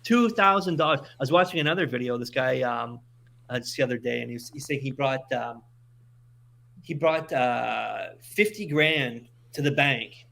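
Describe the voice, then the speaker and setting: A man's voice: medium pitch, normal speed, gravelly, a little hiss or hum. A man from Montreal chatting casually on a podcast, telling stories with lots of restarts and repeated words. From Montreal, Canada. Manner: animated storytelling with many restarts.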